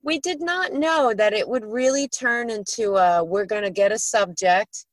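A woman's voice: mid-range voice, moderate pace, no room sound, low-quality recording. A woman co-hosting a casual podcast chat, speaking bluntly and swearing freely. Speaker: podcast co-host.

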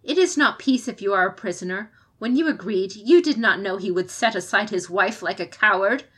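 Fierce defiant samurai woman, impassioned, forceful pleading, raised voice, audiobook role a woman reads out. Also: medium pitch, moderate pace, slightly rough. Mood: angry. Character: fierce female samurai advisor, defiant, passionate.

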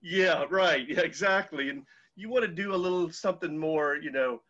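A man's voice: on the high side, moderate pace, pushed and bright. A man in an improvised comedy scene, speaking hesitantly and tactfully with lots of fillers. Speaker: improv performer. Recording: dull lo-fi recording.

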